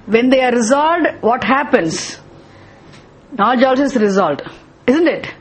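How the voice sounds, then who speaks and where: Husky, fairly high woman teacher; patient scripture lesson, asks questions and repeats key terms. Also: animated, measured pace.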